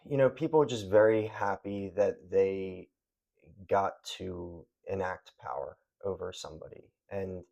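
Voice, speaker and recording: A man with a very low voice and a gravelly fry asks questions in a calm, measured way. He takes the part of interviewer in a conversation with his wife. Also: dull audio. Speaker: husband and interviewer.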